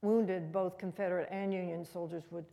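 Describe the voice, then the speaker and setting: A woman speaks to an audience in a museum room, her voice gravelly and mellow. She talks conversationally, wandering into asides. A long reverb trails each phrase. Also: on the low side, steady tone, moderate pace. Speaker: guest speaker. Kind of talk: public history talk.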